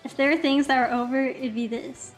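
A young woman streaming casually, chatting to her viewers in an excitable, rambling way full of filler words. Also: high-pitched, a little fast, faint music behind. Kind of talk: casual livestream chat.

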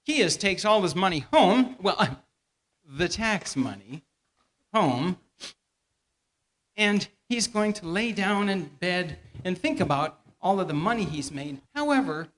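A church elder with a high, slightly bright voice leads volunteers through a staged skit before a congregation in a church hall, with slight background noise present. He's playful, directing them and feeding lines to convey a Bible lesson.

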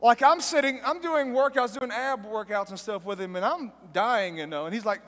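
A man preaching a sermon at a live event, telling stories in a lively, joking way. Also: extremely high pitch, moderate pace, hardly any pauses. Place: large event hall. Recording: long hall reverb from live event.

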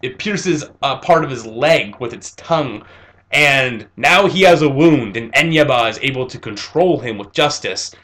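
A young man reviewing an anime episode, retelling scenes in a casual, animated way with fillers. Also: mid-range voice, moderate pace.

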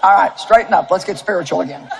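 A woman's voice: fairly low pitch, fast talker, creaky, background noise. Folksy older woman preaching to a crowd. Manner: folksy, animated storytelling with asides to the crowd. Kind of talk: sermon to a live audience. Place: large auditorium with audience.

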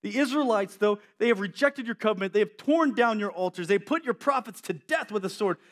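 A man's voice: sits high, expressive, a little fast, pitched above the performer's own voice. A man preaching who voices a weary prophet complaining in an aggrieved, pleading tone. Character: weary prophet Elijah, complaining and self-pitying.

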